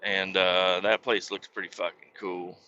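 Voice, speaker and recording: A man's voice: sits low, unhurried, dull audio, a little hiss or hum. A man in his thirties, hosting a podcast, telling rambling stories with plenty of swearing. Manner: profane, rambling and animated. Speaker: podcast host. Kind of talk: casual storytelling chat.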